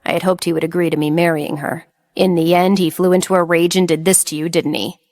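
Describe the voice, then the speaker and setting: A woman reading the part of a calm, devoted young man who speaks in a subdued way. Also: on the low side, quick pace, no room sound, studio quality, natural voice. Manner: quiet, subdued.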